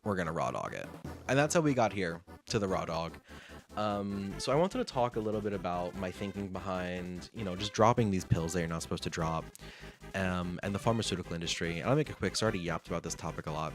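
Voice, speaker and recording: A man vlogging in a casual, animated storytelling monologue, with sassy slang and acted-out bits of conversations. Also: low-pitched, fast. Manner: chatty, animated, reenacts conversations. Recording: music playing underneath. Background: guitar music.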